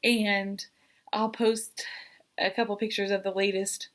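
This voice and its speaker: A woman's voice: medium pitch, flat delivery, a little slow. A pregnant woman in her thirties giving an earnest, emotional vlog update, hesitant and full of fillers. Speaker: vlogger.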